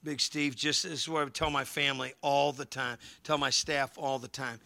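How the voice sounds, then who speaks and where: A man preaching a sermon as pastor, swinging from hushed asides to fervent shouting. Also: medium pitch, steady tone, moderate pace, creaky.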